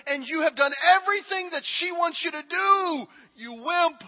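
A man preaching a sermon and acting out a king speaking, dramatic and emphatic, moving between hushed lines and shouting. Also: extremely high pitch, lively intonation, normal speed. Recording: long hall reverb, dull audio.

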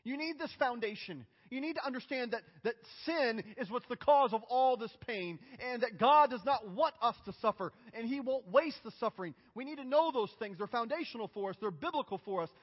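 A man preaching a sermon as pastor, emphatic and building to loud outcries. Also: extremely high pitch, expressive, brisk, few pauses, breathy edge. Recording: dull, reverberant church hall.

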